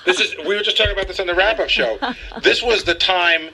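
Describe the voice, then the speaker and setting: A man, a radio co-host, telling a story with animated indignation. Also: high voice, fast, crowd noise, poor audio. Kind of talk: casual radio banter.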